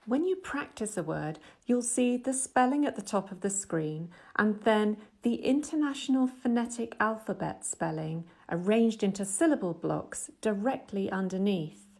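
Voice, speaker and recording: An English teacher, a middle-aged woman, delivers a scripted voice-over lesson in a mid-range voice. She speaks clearly at a patient, measured pace, her tone steady and explanatory as though guiding a learner step by step.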